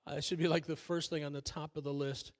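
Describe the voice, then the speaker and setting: A man's voice: on the high side, little pitch movement, fast talker. An older man preaching a sermon as pastor, folksy and conversational, with many fillers and self-deprecating asides. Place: church sanctuary.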